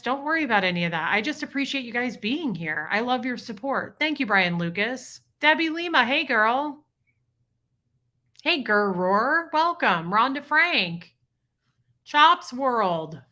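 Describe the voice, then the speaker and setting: A woman hosting a casual livestream, chatting warmly and greeting viewers by name as she reads the chat. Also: a little high. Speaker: livestream host reading chat.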